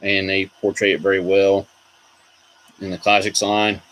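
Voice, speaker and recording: A man's voice: sits low, flat delivery, moderate pace, fairly bright tone, low-quality recording. A man hosting a casual video, rambling about collectible figures and reacting to viewer comments. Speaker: toy collector host. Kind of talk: casual chat.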